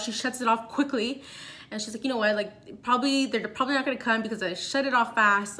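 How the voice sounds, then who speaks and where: A young woman tells a story straight to camera with a bright, forceful tone. Her voice sits a little high, and she rushes through the tense parts, piling on fillers. It is a casual, animated storytime delivery. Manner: animated, breathless retelling with many fillers. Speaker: vlogger.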